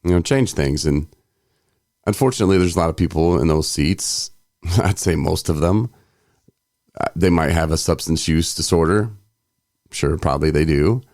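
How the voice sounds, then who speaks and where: Very low-voiced man in casual podcast chat. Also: moderate pace, pauses often, no room sound, studio quality. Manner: rambling, laughs often, animated quoting. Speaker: podcast co-host.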